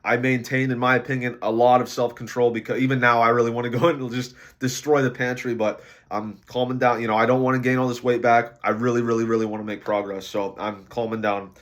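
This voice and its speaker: A tired man records a casual diary vlog about his weight loss. He sounds drained from lack of sleep and rambles along with lots of fillers. His voice sits at an ordinary middle pitch. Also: level tone, quick pace, a bit bright. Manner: low-energy, rambling with many fillers.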